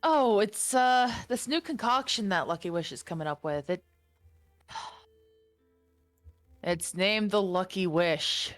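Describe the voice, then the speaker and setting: A woman voicing a weary man who explains things haltingly, with a sigh. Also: medium pitch, lively intonation, faint music behind.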